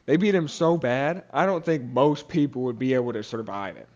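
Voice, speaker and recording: A young man at a middle pitch retells scripture in a loose, casual way, stopping for fillers and restarting phrases. He speaks the characters' lines aloud as he goes. The recording sounds a little dull and lo-fi. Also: normal speed, darkish tone. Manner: casual, many fillers and restarts, acts out quotes. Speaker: podcast host. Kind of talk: casual Bible study retelling.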